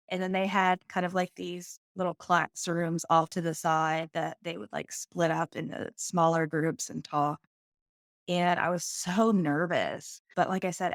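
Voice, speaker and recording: Candid woman guest with a low voice. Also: no room sound, clean studio sound. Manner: candid, earnest. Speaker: podcast guest. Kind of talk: personal storytelling.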